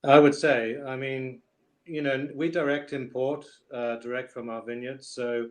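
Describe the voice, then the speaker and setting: A man's voice: mid-range voice, fairly even intonation, unhurried. Man, easygoing wine importer, friendly, video call. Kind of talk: casual chat on a video call.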